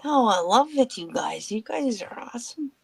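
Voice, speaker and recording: A woman's voice: on the high side, big pitch swings, normal speed, gravelly, slightly rough. A woman with a Canadian accent, chatting enthusiastically on a live panel. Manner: gushing, enthusiastic, giggly. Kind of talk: casual chat on a live panel.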